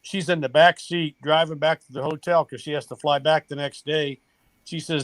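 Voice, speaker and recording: An older man tells a long personal story in an earnest, emotional way, his voice sitting a little high for a man. The sound is dry and close, with no room around it. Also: steady tone, moderate pace, fairly bright tone, no room sound. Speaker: guest, retired baseball coach. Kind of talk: storytelling in a podcast interview.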